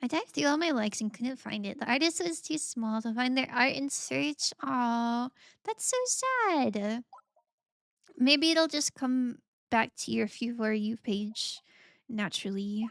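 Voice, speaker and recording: A woman's voice: fairly high pitch, normal speed, gravelly, dry recording, clean studio sound. A woman streamer chatting casually and playfully while gaming, rambling, giggling and reading out chat messages.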